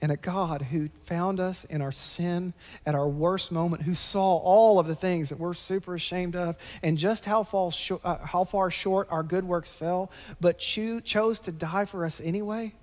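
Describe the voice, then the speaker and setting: A man's voice: sits high, unhurried, darkish tone. A man, preaching a sermon in a conversational, impassioned way that rises to emphatic peaks. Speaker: pastor. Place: church sanctuary. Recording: long church-hall reverb.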